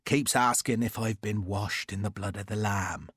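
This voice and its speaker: A man voicing a cheerful, warm-hearted naval captain with a rich Devonshire accent and an affable, chatty manner. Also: on the low side, normal speed, breathy edge, dry recording, studio quality.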